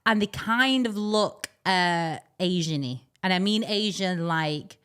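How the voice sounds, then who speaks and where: A young woman chats casually as a podcast co-host. She rambles, laughs often and speaks in a slightly low voice. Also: slow pace, fairly bright tone, smooth. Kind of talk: casual chat.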